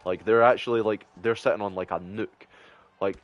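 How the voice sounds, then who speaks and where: Scottish streamer lad, lowish voice, rambles and swears a lot, loads of "like". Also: male voice, steady tone, moderate pace, dull audio. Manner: rambling, heavy swearing, lots of fillers. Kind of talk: casual chat.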